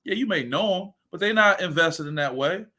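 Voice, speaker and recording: A man in his forties, a sports coach giving an energetic, preacher-like motivational talk on a livestream and answering viewer comments as he goes. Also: high voice, a little fast. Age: 40s.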